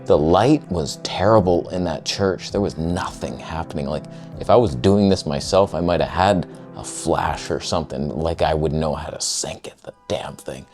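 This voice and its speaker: A man narrating his own video footage in a casual, sarcastic, self-mocking way with quick asides. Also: very deep voice, darkish tone, soft background music. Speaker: photographer vlogger.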